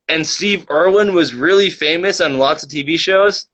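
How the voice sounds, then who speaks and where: A man's voice: fairly high pitch, moderate pace, few pauses, a bit bright. A man hosting a comedy livestream talk show in casual chat, reading out viewer comments and joking in a rambling, mock-conspiratorial way. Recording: dull lo-fi mic.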